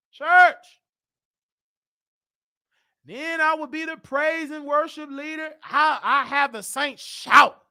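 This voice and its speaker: A man hosting a show, telling a church story in a dramatic, preacher-like way that rises to shouts. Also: very high voice. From Chicago. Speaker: show host. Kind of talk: animated storytelling monologue.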